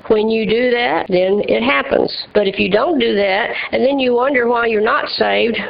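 Speaking to a congregation that calls back to her, a woman preaches in an emphatic, rhythmic style at a normal speed. Her voice is a little high and gravelly, captured on a dull, lo-fi church recording.

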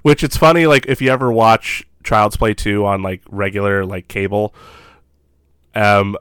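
A man's voice: fairly low pitch, steady tone, unhurried, a bit bright, clear, resonant tone, no room sound, clean studio sound. A man co-hosting a podcast, recapping a horror film in casual chat, laughing often and acting out quoted lines. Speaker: podcast co-host.

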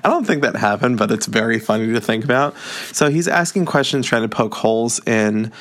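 A man's voice: mid-range voice, expressive, a little fast, a bit bright. A young man casually recapping a book, candid and chatty, often breaking into laughter. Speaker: book reviewer.

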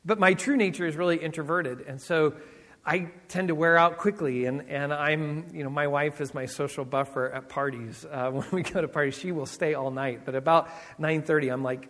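A middle-aged man, a senior pastor, preaching with personal stories, animated and acting out voices, laughing often. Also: a little high, normal speed, long reverb tail. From Southern California.

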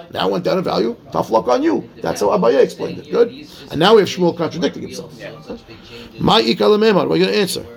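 A man teaching a casual Talmud class, explaining quickly and checking in with his students. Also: high voice, creaky. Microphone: class microphone.

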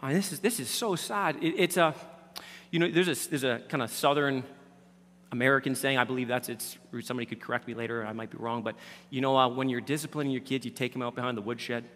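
A man preaching a sermon as pastor, swinging from loud emphatic lines down to hushed near-whispers. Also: medium pitch, steady tone, quick pace. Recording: reverberant hall.

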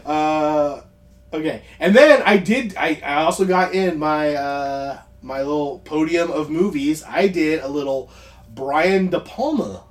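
Chatty man rambling about movies. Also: fairly high pitch. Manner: rambling, laughs often, quick asides. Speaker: podcast co-host. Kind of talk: casual movie chat.

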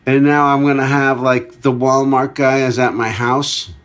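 A man's voice: mid-range voice, little pitch movement, a little slow, fairly bright tone. Guy doing a solo comedy podcast, medium voice, rambly, jokes around and answers his own questions. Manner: rambling, jokey, talks back to himself. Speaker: podcast host. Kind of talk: solo comedic chart countdown commentary.

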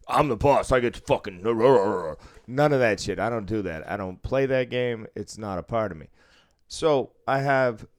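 A man's voice: mid-range voice, clear, resonant tone, no echo, clean studio sound. A man in his thirties telling a work story from his job as a casino supervisor in casual chat, swearing freely and acting out the people he quotes. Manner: profane, animated, acts out quotes.

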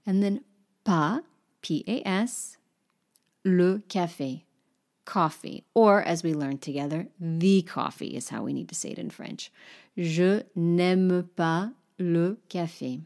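A woman's voice: lowish voice, a little slow, vocal fry, darkish tone. A woman teaching French, enthusiastic and encouraging, spelling out words letter by letter as she explains. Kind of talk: language lesson.

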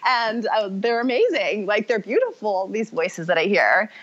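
A woman's voice: medium pitch, expressive, normal speed, a bit bright. A woman guest telling her life story in conversation, rambling and correcting herself as she goes. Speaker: podcast guest. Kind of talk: personal testimony in conversation. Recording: muffled lo-fi audio.

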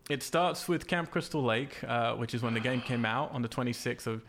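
Gravelly man on a casual podcast. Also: medium pitch, a little fast, a bit bright, a little hiss or hum. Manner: loose, filler-heavy, laughing easily. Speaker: podcast co-host. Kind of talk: casual chat.

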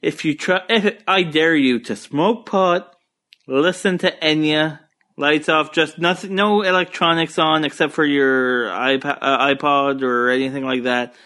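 A young man from Moncton, New Brunswick, in eastern Canada speaks with an Acadian French accent in a high, bright, forceful voice, steady in tone and unhurried. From his couch at home he hosts a solo podcast, easygoing, rambling, crude and profane.

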